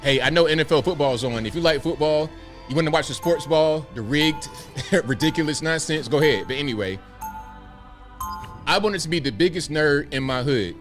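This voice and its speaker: A man's voice: a little high, normal speed, a bit bright. 40-something guy from virginia chatting on stream, wry rhetorical questions, game music going behind him. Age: 40s. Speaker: livestream host. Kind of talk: casual chat with a stream chat. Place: home room with bookshelves.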